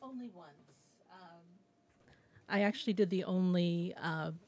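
A woman's voice: lowish voice, unhurried, a little mellow. A woman theater director being interviewed on radio, telling her story at length with small restarts.

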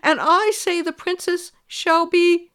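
A woman voicing an indignant bad fairy, crying out high and proud. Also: steady tone, takes it slowly, a bit bright, exaggerated voice. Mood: outraged. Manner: shrill, outraged, proud. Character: indignant fairy in a snake bonnet.

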